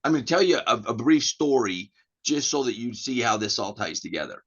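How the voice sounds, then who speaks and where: A man's voice: medium pitch, animated, brisk, fairly bright tone. A man with an American accent telling a long story as a podcast guest, rambling with restarts and acting out the dialogue. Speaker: podcast guest, real estate agent. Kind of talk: casual storytelling in an interview. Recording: dull lo-fi audio.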